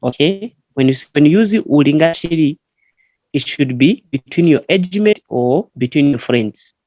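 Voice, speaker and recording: A man from Zambia teaching a language in an online class, explaining slowly and patiently with frequent fillers. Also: on the high side, lively intonation, a little mellow, no room sound. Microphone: online call. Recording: muffled online call audio.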